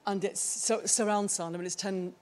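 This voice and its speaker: A woman's voice: medium pitch, fairly even intonation, normal speed, a little mellow. A middle-aged woman giving a conference talk about her own art, thoughtful and searching for the right words. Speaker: artist presenting her work. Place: theatre stage.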